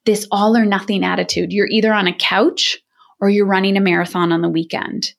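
A middle-aged woman speaking as a parenting coach in a podcast interview. She talks in a direct, energetic way and often acts out what other people say. Her voice sits at an ordinary middle pitch. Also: a little fast, gravelly. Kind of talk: candid podcast interview talk.

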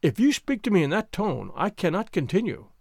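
A man's voice: sits high, huge pitch swings, fairly quick, creaky, a little mellow, no room sound, clean studio sound, exaggerated voice. A man doing a fretful prim old schoolmaster. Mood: offended. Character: fussy anxious middle-aged male schoolmaster.

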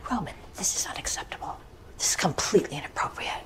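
TV drama: actress playing icy older exec woman, hushed cutting whisper, contemptuous. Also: quick pace, natural voice. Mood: scolding. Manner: cold, contemptuous scolding. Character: stern older woman executive scolding a younger man. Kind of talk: TV drama scene.

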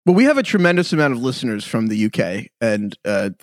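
Man, mid pitch, podcast co-host, animated and exasperated, dry close sound. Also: quick pace, dry recording. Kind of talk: casual podcast chat.

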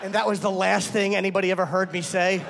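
A man's voice: high-pitched, level tone, quick pace, vocal fry. A male stand-up comedian doing a crude, self-mocking set, breaking into acted voices for his bits. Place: comedy club stage before a laughing audience. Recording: echoey live room with audience noise.

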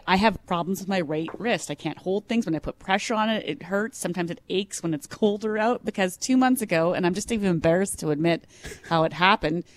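A middle-aged woman co-hosting a radio show, telling a self-deprecating story in an animated way. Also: lowish voice. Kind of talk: casual storytelling on talk radio.

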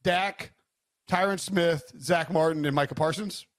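A man's voice: on the high side, a little slow, dry recording, clean studio sound. A male co-host in a casual sports betting chat who rambles, restarts his thoughts and leans on filler words.

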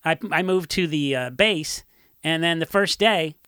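A man from Orange County, a punk musician, telling rambling, animated stories in a casual interview and acting out what others said. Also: fairly high pitch, measured pace, smooth, dry recording, studio quality. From Orange County, California. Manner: rambling, animated storytelling with acted-out quotes.

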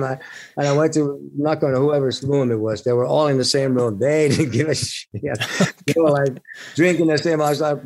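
A man, a musician guest, telling stories in an interview with a halting, rambling delivery full of restarts and laughs. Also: mid-range voice, a little mellow. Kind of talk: storytelling in an interview.

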